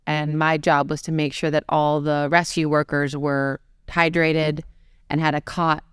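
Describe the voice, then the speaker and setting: A woman's voice: sits low, level tone, a little slow, smooth, no echo, clean studio sound. A woman in her forties, a fashion designer being interviewed, telling her story in a candid, conversational way.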